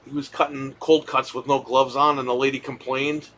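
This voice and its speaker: Bright-voiced man ranting on a stream. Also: medium pitch, moderate pace. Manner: profane, animated storytelling. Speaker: streamer hosting a live Q&A. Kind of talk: casual live-stream chat.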